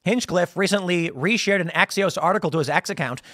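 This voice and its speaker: An American man with a high-pitched voice hosts a casual political commentary monologue. He rambles through animated stories, restarting sentences and laughing as he goes. The sound is dry and close, with no room echo. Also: brisk. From United States. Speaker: political commentary show host.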